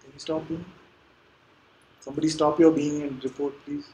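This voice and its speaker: A man teaching at a live spiritual gathering, answering questions gently and patiently, often checking in with little tag questions. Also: a little high, little pitch movement, normal speed, low-quality recording.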